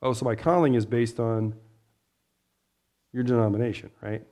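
A pastor preaches a casual sermon, talking things through with the congregation, asking them to agree and frequently clearing his throat. His medium-pitched voice is steady and warm, at a normal speed.

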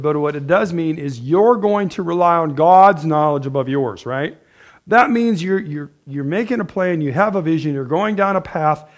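A man preaching a conversational sermon as a pastor, chatty and joking, often checking in with the room with "right?". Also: high-pitched. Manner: chatty, asks the room "right?", laughs at own jokes.

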